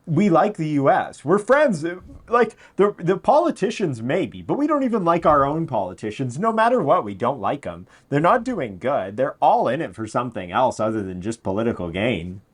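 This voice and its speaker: Animated sarcastic man. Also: mid-range voice, moderate pace, hardly any pauses, breathy edge. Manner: sarcastic, animated, mocking voices. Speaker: political commentary host. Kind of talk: casual opinion commentary.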